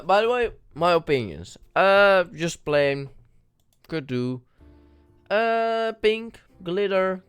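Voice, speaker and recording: A man reading a story game aloud and commenting on it, rambling and hesitant while he sounds sick and hoarse. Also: on the high side, no echo. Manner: rambling, hesitant, with many restarts and fillers. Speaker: gaming YouTuber playing a story game.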